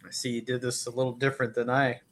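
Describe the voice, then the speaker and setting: A man's voice: medium pitch, little pitch movement, fast, noisy background. A man co-hosting a horror podcast in casual comedic chat, dry and teasing, slipping into silly voices. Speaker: podcast co-host.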